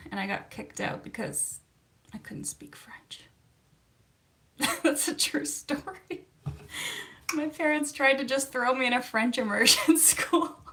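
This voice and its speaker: A therapist, chatting casually on a livestream and answering viewer comments with frequent laughs. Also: female voice, a little high, gravelly, fairly bright tone. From Canada. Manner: chatty and upbeat, laughs often, self-teasing.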